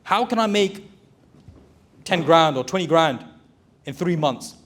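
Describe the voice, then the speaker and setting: A man's voice: a little high, animated, measured pace, a bit bright, slight background noise. A man giving a direct, exhorting motivational talk to a live audience, calling them brothers. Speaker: motivational speaker and recruitment business owner.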